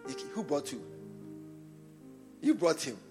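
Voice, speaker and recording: A man with a Ghanaian English accent preaching a sermon in church, repeating phrases and swinging from quiet talk to loud exhortation. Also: on the high side, very animated, a little slow, music in the background. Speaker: bishop preaching. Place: church service.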